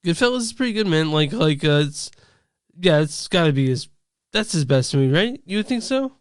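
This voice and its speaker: A man's voice: fairly high pitch, animated, fairly quick, clean tone, no echo, studio quality. A man co-hosting a casual movie podcast, rambling and stammering, swearing casually. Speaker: podcast co-host.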